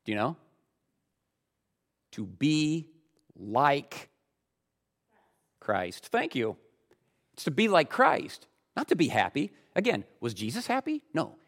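In a church, a male pastor with a mid-range voice preaches an emphatic sermon packed with rhetorical questions aimed at the congregation.

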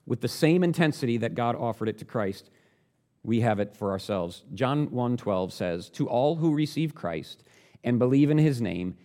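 A man preaching a sermon, earnest and direct, asking the listeners questions and building up louder on the points he stresses. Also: medium pitch.

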